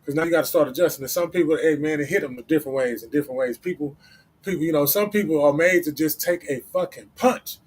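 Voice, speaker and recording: A man's voice: on the high side, fast talker, breathy edge. A man hosting a livestream, giving casual motivational talk in a blunt, profane, repetitive way. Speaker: livestream host.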